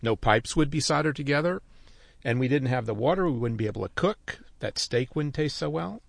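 A man's voice: mid-range voice, expressive, fairly quick, creaky, dry recording. An older man telling a personal story on the radio, with a wry, dry humor.

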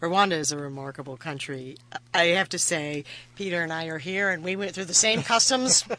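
A woman's voice: low-pitched, brisk, sharp tone. A woman hosting a live radio show, teasing her guest and laughing easily. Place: radio studio.

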